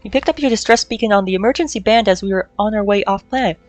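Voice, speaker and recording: A woman reading the lines of a steady, somber male mercenary officer aloud from a game, in a plain, level voice. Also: medium pitch, fast, no echo, soft background music, close to an everyday voice.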